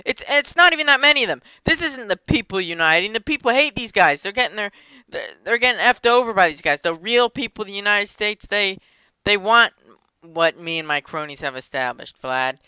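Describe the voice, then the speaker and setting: A man voicing a pushy, smooth-talking businessman on a phone call, using high, loud, wheedling salesman patter. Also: very animated, moderate pace, dry recording, exaggerated voice. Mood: ranting.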